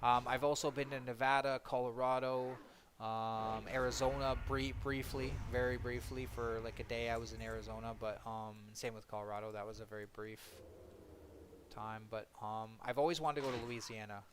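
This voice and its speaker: A man from Ontario chatting casually on a game stream, answering viewers' comments in a loose, rambling way. His voice sits at an ordinary middle pitch. Faint game sounds hum behind him. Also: level tone, moderate pace. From Ontario, Canada. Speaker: gaming streamer. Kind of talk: casual chat with live chat while gaming.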